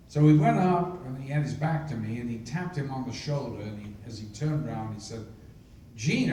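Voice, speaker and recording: Older male raconteur, guest at a convention, acts out voices; recorded far off in an echoey hall with faint room noise. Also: medium pitch. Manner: lively raconteur who acts out others' lines. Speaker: interview guest, actor. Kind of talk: anecdotal storytelling.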